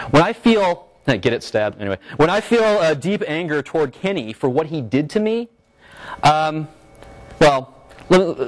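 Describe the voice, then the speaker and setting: Animated man giving a casual philosophy lecture. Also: on the high side. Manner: animated, joking, lots of fillers and restarts, checks in with "right?". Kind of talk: university seminar lecture. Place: lecture room at a seminar.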